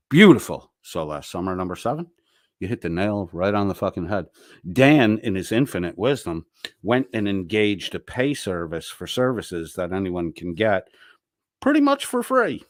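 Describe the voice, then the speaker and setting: A man's voice: sits low, animated, a little slow, a bit bright, no room sound, clean studio sound. Crude taunting male streamer. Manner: taunting, crude, laughing between jabs. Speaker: livestream host. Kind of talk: profane mocking livestream commentary.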